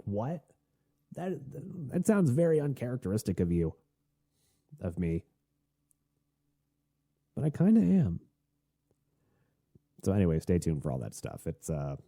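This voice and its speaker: A man hosting a solo podcast, talking in a rambling, chatty and excitable way. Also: low voice, no echo, clean studio sound. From Tennessee. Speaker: podcast host.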